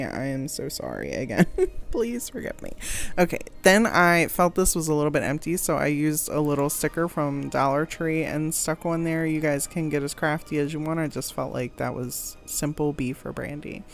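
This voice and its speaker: A woman's voice: low-pitched, clean tone. A woman talking through a craft tutorial in a casual voice-over, chatty and giggly, often poking fun at herself. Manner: chatty, giggly, self-deprecating. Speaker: crafting vlogger.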